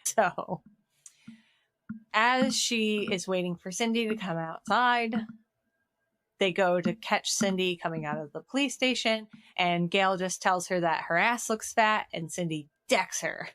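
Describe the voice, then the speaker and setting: On a movie podcast, a woman co-host with a medium-pitched, clean-toned voice walks through scenes at an unhurried pace. Her chat is casual and animated, and she performs the characters' lines. The clean studio sound carries no room sound.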